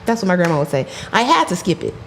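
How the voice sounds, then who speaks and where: A woman co-hosting a casual podcast, telling stories in a lively, chatty way. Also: lowish voice, fast talker, slight background noise. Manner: chatty, animated storyteller. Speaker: podcast co-host.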